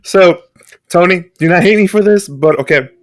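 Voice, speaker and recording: Giggly higher-voiced young man. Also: normal speed. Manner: giggly, eager interjections. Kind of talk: casual chat.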